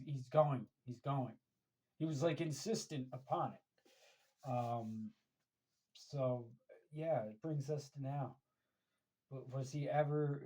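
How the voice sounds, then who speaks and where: On his fan podcast, a man from the United States rambles casually through a story about a match, with many fillers and restarts along the way. He has a warm, medium-pitched voice, captured in dull audio.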